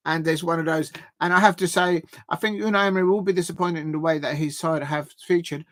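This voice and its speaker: A man runs a live football watch-along stream. His talk is chatty and excitable, with quick play-by-play calls mixed with friendly asides to his viewers. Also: on the high side.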